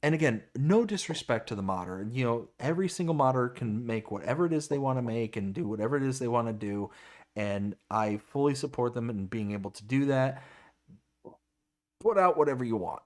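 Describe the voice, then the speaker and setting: A man's voice: mid-range voice, lively intonation, fairly quick, a little mellow. A man co-hosting a casual live stream, stammering and exasperated as he reacts and reads chat comments aloud. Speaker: livestream co-host.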